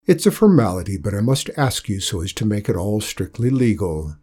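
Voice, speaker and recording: A man's voice: on the low side, big pitch swings, brisk, dark tone, husky. A man voicing Death as a chatty, officious male figure who relishes his bookkeeping, in a storybook reading. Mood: formal.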